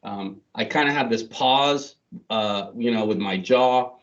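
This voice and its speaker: A man's voice: medium pitch, unhurried, fairly bright tone. A middle-aged man giving a chatty, self-deprecating talk to an audience, with many fillers and restarts. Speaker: guest speaker. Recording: distant, dull lo-fi sound.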